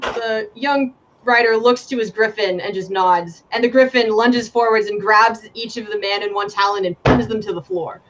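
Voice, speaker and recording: A woman's voice: fairly high pitch, steady tone, moderate pace. Giggly woman game master. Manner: giggly, casual storytelling. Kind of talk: narrating a tabletop game. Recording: dull lo-fi with faint hiss.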